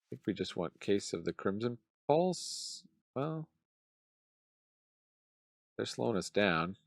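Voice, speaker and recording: A man's voice: on the low side, very animated, slow pace, gravelly, no echo, clean studio sound. A man giving casual gameplay commentary as a channel host, muttering his thoughts aloud while he plays.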